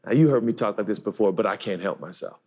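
A man in his forties preaching a sermon in an animated, self-deprecating way, often acting out voices. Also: on the low side, fast. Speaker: pastor.

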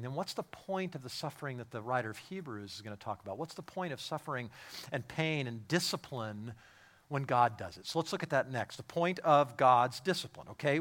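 Man, pastor, sermon, high voice, emphatic, hushed to loud, repeats phrases.

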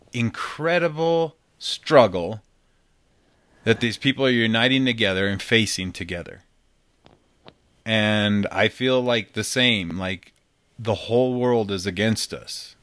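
Man podcast co-host, lowish voice, earnest, halting, dry close sound. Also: a bit bright, dry recording. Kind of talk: casual chat.

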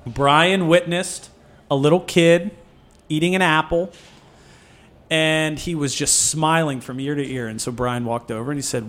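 A man co-founding a food nonprofit, talking in an animated, swearing, storytelling way in a casual podcast interview. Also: fairly high pitch, unhurried.

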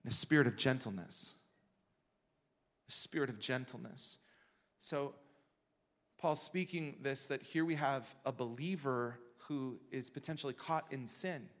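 A man preaching a sermon as pastor, moving between quiet, intimate teaching and loud, passionate exhortation. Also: mid-range voice, unhurried, long pauses. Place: church sanctuary. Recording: long hall reverb.

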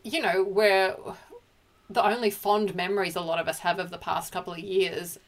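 A woman's voice: lowish voice, steady tone, moderate pace. A woman co-hosting a casual pop culture chat, emotional and chatty, often restarting her sentences. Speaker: podcast co-host.

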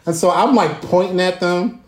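A man telling a profane, animated story as a guest on a video call, acting out voices and drum sounds. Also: high-pitched, moderate pace, reverberant.

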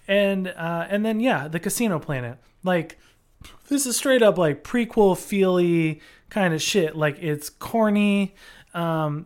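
A man co-hosting a podcast, rambling casually with lots of fillers, restarts and swearing. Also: high-pitched. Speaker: podcast co-host. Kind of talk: casual chat.

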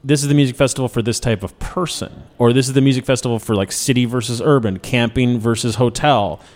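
A man's voice: mid-range voice, quick pace, darkish tone. A man in his thirties from Chicago hosting a radio show in casual, joking, self-mocking chat. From Chicago, USA.

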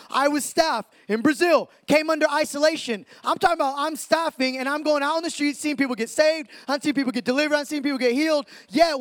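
A man speaking on stage to a crowd at a ministry event, hyped and preachy, firing off quick asides. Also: very high-pitched, no echo. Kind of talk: energetic stage talk to a crowd.

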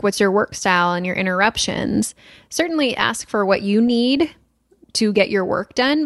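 A woman co-hosting a relationship podcast in casual chat, upbeat and practical as she gives clear advice. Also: medium pitch, no room sound, studio quality. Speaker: podcast co-host.

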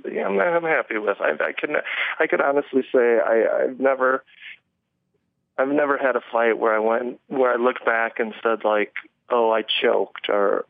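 A man on a phone call, his voice gravelly and low in fry. He talks in halting bursts, restarting sentences and chuckling between thoughts. The line is tinny and narrow, and the sound is dry. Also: dry recording. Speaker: MMA fighter guest. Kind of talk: phone interview.

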